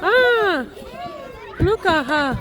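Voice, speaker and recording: A woman's voice: very high voice, big pitch swings, very slow, a crowd in the background, background noise. A mother filming her children outdoors at a zoo, cheering and encouraging them in a casual family vlog. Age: adult parent. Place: outdoor zoo with a crowd around.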